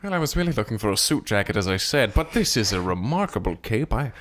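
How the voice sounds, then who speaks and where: A man voicing a fussy, polite gentleman customer who stammers formally, in an improvised comedy podcast. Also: on the low side, big pitch swings, quick pace. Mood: genteel. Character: fussy, polite, genteel male shoe customer.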